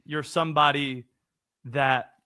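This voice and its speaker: A man's voice: on the high side, fairly even intonation, takes it slowly, sharp tone, smooth, dry recording, clean studio sound. A man hosting a casual sports radio show, guessing at answers while thinking aloud. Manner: hesitant, thinking aloud with restarts. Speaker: host.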